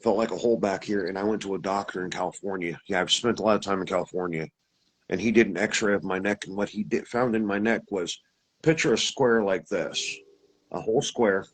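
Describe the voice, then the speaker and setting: A man who is a guest telling a personal story, animated and acting out the dialogue. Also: deep voice, brisk, husky.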